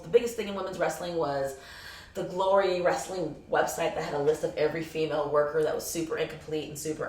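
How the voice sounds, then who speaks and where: A woman's voice: on the low side, a bit bright. A woman interviewing a guest, playful and talkative in a casual chat. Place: convention hall. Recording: roomy echo from a distant mic.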